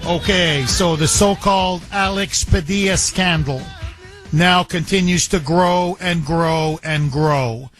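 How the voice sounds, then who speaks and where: A man's voice: sits high, slow pace, soft background music. A man hosting a political talk radio show, talking emphatically, repeating phrases and retelling events. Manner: emphatic, repetitive, animated retelling with quoted voices.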